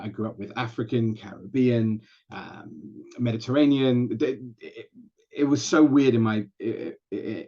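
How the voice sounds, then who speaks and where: A man's voice: mid-range voice, warm tone, lo-fi sound. A man with an English accent, a guest actor and dialect coach chatting at length over a video call. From England. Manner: chatty, explains at length with many restarts. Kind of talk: casual interview chat.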